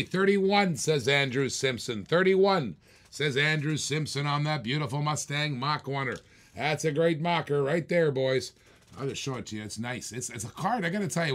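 A man's voice: fairly high pitch, a bit bright. A man hosting a live-streamed auction, calling bids in a chatty, joking way and repeating each bid.

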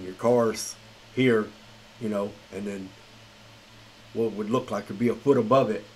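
Man, low voice, tired, rambling casual game commentary, lots of fillers. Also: slight background noise, rough recording. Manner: rambling, filler-heavy, chuckles at himself. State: tired late at night. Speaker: gaming channel host. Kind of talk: casual gameplay commentary reading patch notes.

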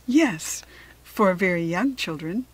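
A woman's voice: on the low side, animated, takes it slowly, slightly rough, full character voice. A woman voicing a courteous, well-spoken woman author in a storybook. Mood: polite.

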